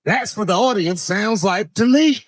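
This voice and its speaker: A stand-up comedian telling profane stories on stage, his voice leaping from low mutters to high, loud bursts. The sound is dry and close, and his voice sits a bit high for a man. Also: lively intonation, normal speed, dry recording, low-quality recording. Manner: profane storytelling with wide swings in pitch and loudness.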